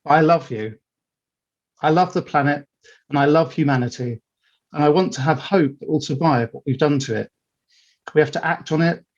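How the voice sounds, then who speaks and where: A man's voice: a little high, normal speed, long pauses. A man reading his own heartfelt letter aloud, earnest and wry, with self-mocking asides. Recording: dull lo-fi live-stream audio.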